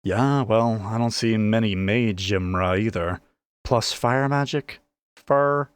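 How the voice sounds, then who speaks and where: A man's voice: lowish voice, takes it slowly, smooth, dry recording. A man voicing a prickly young cat-folk woman who answers curtly and irritably. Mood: irritated. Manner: irritated, snappish.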